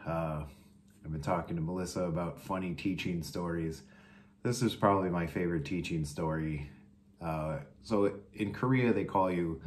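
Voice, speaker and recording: Low-voiced man telling a funny story. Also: slight background noise. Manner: animated, jumps high when quoting kids. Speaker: vlogger. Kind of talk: casual storytelling to camera.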